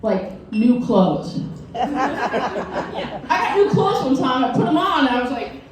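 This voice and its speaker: A middle-aged Wisconsin woman performs stand-up for a live audience, telling animated stories with mocking voices in a high-pitched, unhurried delivery. The mic is distant and the room roomy, with crowd noise and laughter.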